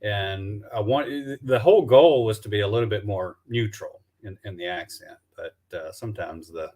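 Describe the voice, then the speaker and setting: A man from Alabama with a Southern accent, chatting loosely on a video call about his documentary work, halting with many restarts and fillers. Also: lowish voice, darkish tone. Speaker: documentary filmmaker guest. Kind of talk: casual live-stream chat.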